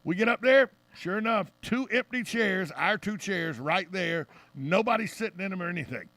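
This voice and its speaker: A man's voice: sits high, normal speed, no room sound. A man hosting a radio talk show, telling long anecdotes in a casual chat. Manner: storytelling, animated anecdotes.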